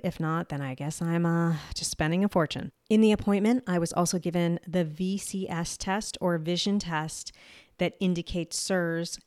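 A woman's voice: lowish voice, clear, resonant tone, no room sound, studio quality. Candid New Jersey woman hosting a podcast. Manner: candid and casual, swears lightly, laughs at herself. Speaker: podcast host. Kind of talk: solo health podcast monologue.

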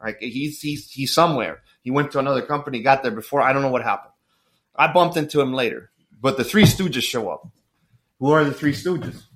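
A middle-aged man, a podcast guest, telling stories in an animated, joking way with apologetic asides. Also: medium pitch, fairly quick. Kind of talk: casual storytelling chat.

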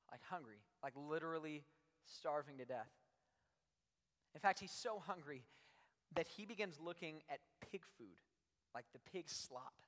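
High-voiced young man preaching in a hall. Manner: conversational, animated preaching with many "like" fillers. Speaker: youth pastor. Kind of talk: sermon. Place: large room before an audience. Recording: long hall reverb.

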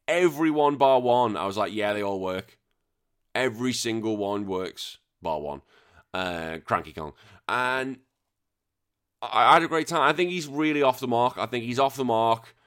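A man talks straight to his listeners as a podcast host. His voice sits at a middling pitch, and he rants in an opinionated way, often stumbling and restarting his sentences. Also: expressive, moderate pace, fairly bright tone, smooth. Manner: opinionated, ranting, many restarts. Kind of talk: casual solo commentary.

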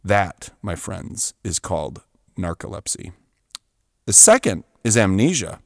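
A middle-aged man hosting a show, telling a story in an animated way and often chuckling. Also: medium pitch, dry recording, studio quality. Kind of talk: storytelling monologue.

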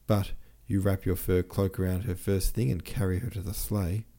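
A man's voice: low voice, flat delivery, normal speed, mellow. A man voicing a brash young officer who plots an elopement, talking in a boisterous, commanding way. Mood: scheming.

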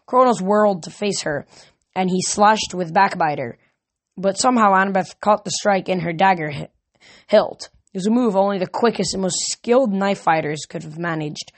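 A woman reading a novel aloud, now and then stumbling and restarting a word. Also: mid-range voice. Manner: reads with small slips and restarts. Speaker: audiobook reader.

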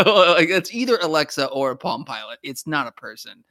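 A man co-hosting a casual TV recap podcast, talking haltingly with many fillers and restarts. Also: a little high, lively intonation, pushed and bright, no echo, studio quality. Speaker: podcast co-host.

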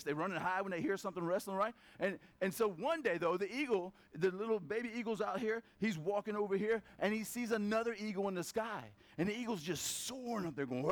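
High-voiced man preaching a lively sermon. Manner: animated storytelling, acts out voices. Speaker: pastor.

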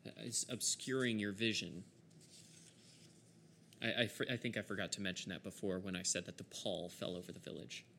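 A man with a lowish, bright, forceful voice narrates a tabletop game as game master. He sets the scene in an easygoing way, chuckling often and pausing on fillers. Faint noise sits under his voice. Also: steady tone.

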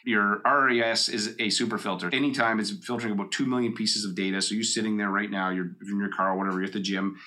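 A man's voice: lowish voice, fairly even intonation, fast talker, few pauses, sharp tone. A middle-aged man hosting a solo coaching podcast, explaining ideas conversationally and acting out everyday quotes. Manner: conversational, uses personal stories and acted-out quotes.

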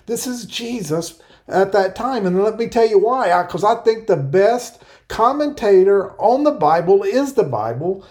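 A man preaching an earnest verse-by-verse sermon, explaining scripture and reading passages aloud slowly. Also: high-pitched, a little mellow. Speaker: pastor. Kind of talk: Bible-teaching sermon.

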